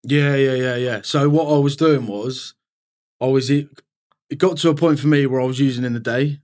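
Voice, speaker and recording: A man's voice: mid-range voice, moderate pace, a little mellow. A man talking frankly as a podcast guest in casual conversation, rambling and swearing freely, with lots of "you know".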